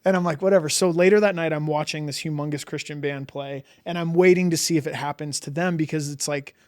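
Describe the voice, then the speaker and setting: Animated storyteller, a man with a higher voice. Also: fast. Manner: animated, many "like" fillers, acts out his own reactions. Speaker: podcast guest. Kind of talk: casual storytelling.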